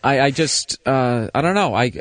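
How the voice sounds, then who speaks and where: A man's voice: mid-range voice, animated, moderate pace, no room sound. A man who is a comedy guest on a morning show, talking in a loose, rambling, self-deprecating way. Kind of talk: casual interview chat.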